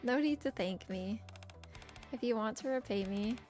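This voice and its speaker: A woman's voice: fairly high pitch, normal speed, darkish tone, soft background music, close to an everyday voice. A woman reading game dialogue aloud as a sly, formal young woman researcher, polite and teasing.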